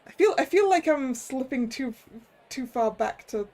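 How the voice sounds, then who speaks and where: Gravelly British woman reading a game. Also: sits high, expressive, moderate pace, darkish tone. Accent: British English. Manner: self-deprecating, giggly. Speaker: streamer reading a visual novel. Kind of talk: reading a game aloud with commentary.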